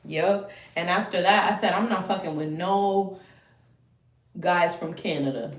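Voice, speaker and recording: A woman's voice: a little slow, a little hiss or hum. Heated profane young woman in a roomy space. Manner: heated and profane, swings between loud outbursts and low muttering. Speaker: storyteller. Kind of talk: profane storytime rant.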